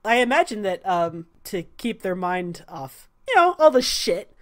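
A woman's voice: medium pitch, sing-song, measured pace. A woman narrating as game master of a tabletop role-playing game, casual and loose, laughing often and talking with many fillers.

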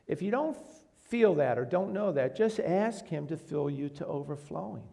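A man's voice: fairly high pitch, expressive, moderate pace, creaky, few pauses, mellow. A man preaching a sermon to a congregation in a church, earnest, asking the room questions and rising to emphatic bursts. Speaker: pastor.

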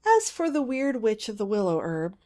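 A woman narrating a fairy tale aloud in a gentle, even storytelling manner. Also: mid-range voice, moderate pace.

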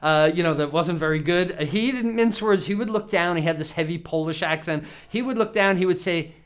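A cooking instructor teaches to camera in a casual, chatty way, asking the viewer questions and laughing often. His voice is high and smooth, a little fast.

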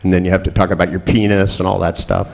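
A man leading a live workshop demonstration with a volunteer, joking, profane and irreverent as he coaches with quick instructions. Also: sits low, little pitch movement, creaky, a little mellow. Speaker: seminar trainer.

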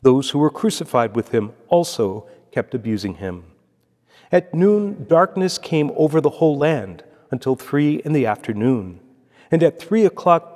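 A priest reads scripture aloud and preaches in a steady, solemn cadence. His mid-pitched voice rises and falls with a lot of expression. The sound rings out with the long reverb of a large church. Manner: measured, solemn liturgical delivery.

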